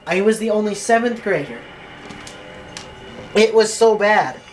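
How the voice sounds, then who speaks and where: A gameplay commentator telling a rambling, animated story while playing, acting out quotes in a raised voice. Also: mid-range voice, a little slow, soft background music. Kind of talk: casual storytelling over gameplay.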